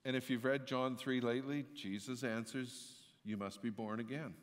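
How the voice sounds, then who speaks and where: A man's voice: mid-range voice, steady tone, moderate pace, long reverb tail. A man preaching a sermon in a church, telling a story in a conversational way and rising into emphatic outbursts. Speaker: pastor.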